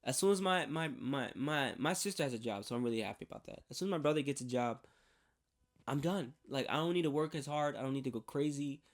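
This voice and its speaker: Halting, heartfelt man sharing his faith. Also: medium pitch. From New York. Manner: halting, many restarts and repeated words. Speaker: faith vlogger. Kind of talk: candid personal testimony.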